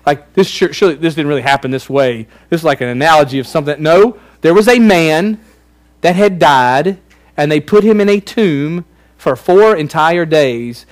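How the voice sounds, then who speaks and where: Male pastor, high voice, earnest repetitive preaching. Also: moderate pace. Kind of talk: sermon.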